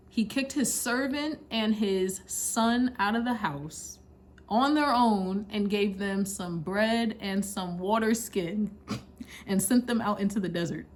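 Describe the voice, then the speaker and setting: A young woman casually retelling a Bible story in a slangy, chatty way, laughing often. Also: medium pitch. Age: young adult. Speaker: Bible study vlogger. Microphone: camera mic.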